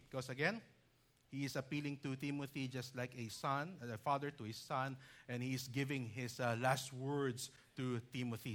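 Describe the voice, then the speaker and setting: Male preacher, bright edgy tone, slightly high voice, emphatic teaching delivery. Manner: emphatic, rising loud when reading scripture lists; teacherly, explains grammar with asides like "okay". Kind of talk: sermon.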